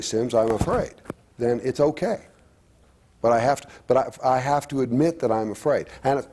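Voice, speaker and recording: A middle-aged man talking candidly as a guest, halting and reflective, with frequent restarts. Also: mid-range voice, warm tone. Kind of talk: candid personal talk-show conversation.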